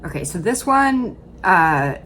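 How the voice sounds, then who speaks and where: A woman with a Midwestern accent rambles casually in a low voice, chatty and full of fillers as she comments on a video. A faint hum hangs behind her close mic. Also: sing-song, slow, fairly bright tone. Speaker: reaction video host.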